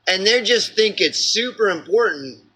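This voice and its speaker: A man's voice: sits high, expressive, moderate pace, sharp tone, slight background noise, poor audio. A man with an Oklahoma accent ranting in a rambling, profane vlog, full of fillers and restarts. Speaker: vlogger. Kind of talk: rambling personal rant.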